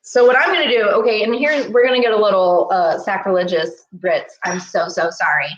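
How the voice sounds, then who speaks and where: A woman's voice: medium pitch, fairly quick, muffled recording. A woman hosting a live baking stream from her kitchen, chatting and explaining each step with jokes. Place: home kitchen. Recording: echoey kitchen room.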